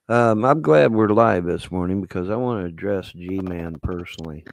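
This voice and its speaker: A man's voice: sits low, normal speed, vocal fry, hardly any pauses, no room sound. A man live-streaming, ranting angrily and profanely with threats. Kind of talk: heated live-stream rant.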